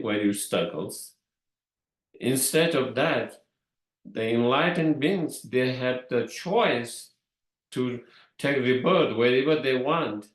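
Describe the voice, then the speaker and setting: A man whose first language is Tibetan, giving a dharma talk in a slow, halting way with many fillers and repeated words. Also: mid-range voice. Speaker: Buddhist teacher. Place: meditation hall. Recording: echoey room.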